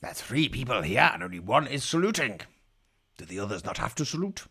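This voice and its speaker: A man's voice: medium pitch, very animated, fairly quick, pushed and bright, breathy edge. A man giving irreverent live commentary in a mock pirate voice, dropping growling asides between jokes. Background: faint music from the broadcast feed.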